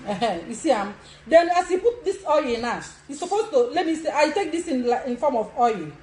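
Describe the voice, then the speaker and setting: A woman's voice: high-pitched, animated, fairly quick, darkish tone. Bold, laughing Nigerian woman in her sixties. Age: 60s. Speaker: live video host. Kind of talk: social media live demonstration. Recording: echoey room.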